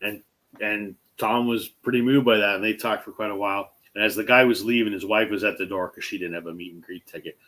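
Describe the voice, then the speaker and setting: A man with a fairly low voice, hosting a relaxed chat. He tells a story with animation and slips into the voices of the people he quotes. His speech is full of fillers and restarts. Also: a little fast. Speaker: host.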